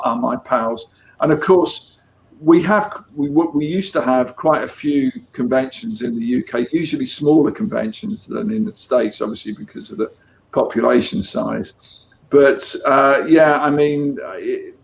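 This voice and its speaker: This is a comics artist from England, guesting in a casual interview where he chats and tells stories with many restarts. His voice is medium in pitch and creaky.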